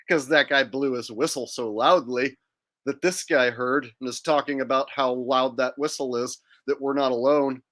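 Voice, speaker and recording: A man's voice: medium pitch, fairly even intonation, normal speed, a bit bright. A man hosting a livestream, talking casually in a sarcastic, mocking tone and now and then mimicking people in silly voices. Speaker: livestream host.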